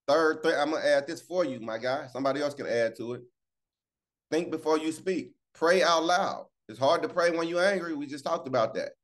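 A man hosting a casual morning devotional on a video call, lively and preachy, calling out to listeners by name. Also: on the high side, normal speed. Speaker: morning show host.

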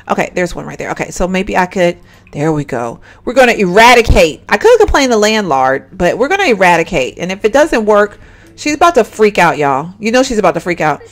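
A woman giving animated, exclaiming let's-play commentary and chatting straight to her viewers. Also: medium pitch, a little fast. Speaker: gaming channel host.

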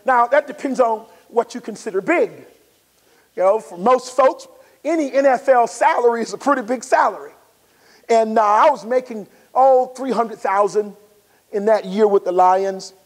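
A man in his forties with a very high voice delivers a motivational talk at a conference. He tells stories with animation and often acts out the scenes. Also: moderate pace, long reverb tail. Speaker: motivational speaker. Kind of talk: motivational speech storytelling. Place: resort conference room.

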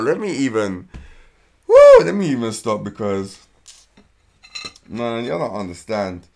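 A man from London with a London accent, reacting casually to a trailer as host and bursting into whoops and shouts. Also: medium pitch, wildly swooping pitch, unhurried, gravelly, long pauses. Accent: London English. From London, England. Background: trailer music playing faintly.

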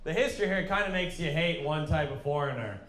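A man's voice: on the high side, animated, fast. A man doing a stand-up set with crowd work, brash and mocking, often laughing at his own jokes. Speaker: stand-up comedian. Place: comedy club stage. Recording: echoey club with loud laughter. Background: audience laughter.

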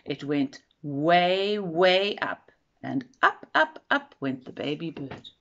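Woman storyteller for a kids' picture book, unhurried and expressive, muffled low-fi sound. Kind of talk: children's storybook read-aloud. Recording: dull lo-fi recording.

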